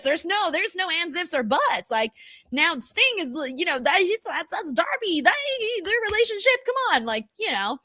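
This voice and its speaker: A woman in her thirties chatting casually on a live stream, excitably reading viewer comments aloud and swearing freely. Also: high-pitched, normal speed, no room sound, clean studio sound. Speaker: streamer hosting a watch-along.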